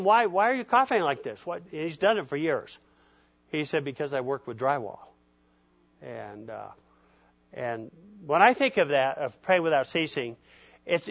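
Male pastor, folksy conversational sermon, slightly high voice, dull lo-fi recording. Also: a bit bright. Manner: folksy, checks in with listeners.

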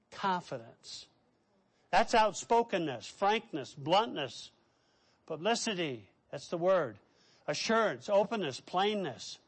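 Male preacher, high voice, emphatic lists and direct questions, swings loud to soft. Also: slightly rough. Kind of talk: sermon.

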